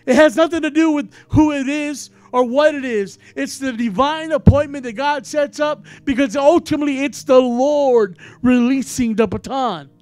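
A man preaching a sermon as a pastor, giving an emotional testimony that moves from hushed tones to loud cries. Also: very high voice, moderate pace, few pauses, dry recording, faint music behind.

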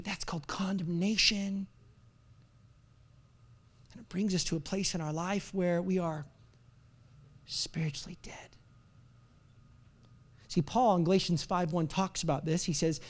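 A man, a pastor, preaching a sermon to a congregation, acting out his listeners' inner voices and swinging between hushed whispers and loud, emphatic outbursts. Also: sits high. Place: church service before a live congregation.

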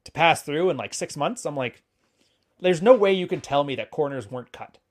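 A male podcast co-host with a higher-than-average voice and lively intonation chats casually, offering blunt, joking opinions. He talks quickly, in long runs.

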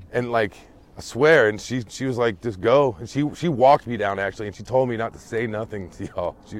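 Man telling a wild story, cursing. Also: on the low side. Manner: animated, profane, emphatic. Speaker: storyteller in a group chat. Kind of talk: casual storytelling.

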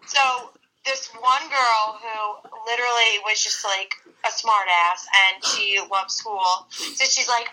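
A woman calling in to tell a story, animated and acting out the voices of the people in it. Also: on the high side, unhurried, rough recording. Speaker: caller. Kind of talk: storytelling over a call.

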